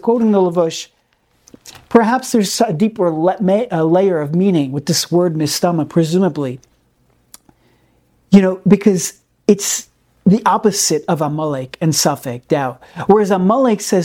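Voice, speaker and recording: Earnest man with a mellow voice. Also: high-pitched, normal speed. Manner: earnest, emphatic, repeats key words for stress; peppers speech with Hebrew terms. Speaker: Torah teacher. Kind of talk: recorded Torah class.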